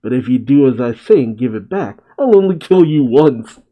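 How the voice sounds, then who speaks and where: A man's voice: mid-range voice, expressive, moderate pace, narrow, tinny audio, lightly acted. A man reading aloud as a boastful young bully threatening rivals over his turf. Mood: taunting.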